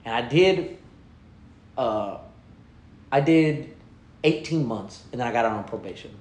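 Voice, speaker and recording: Talking a little slowly, a man recounts stories in slangy, casual chat, animated throughout. He laughs through the funny moments and turns low and quiet to quote people. The recording carries a roomy echo.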